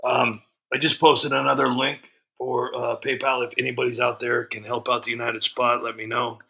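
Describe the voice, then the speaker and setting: A man chats casually on his livestream, greeting viewers and reading their comments. He talks in a rambling way. His voice is strikingly bright, with a gravelly edge. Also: mid-range voice, level tone, normal speed. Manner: rambling, frequent ums and restarts. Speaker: livestream host.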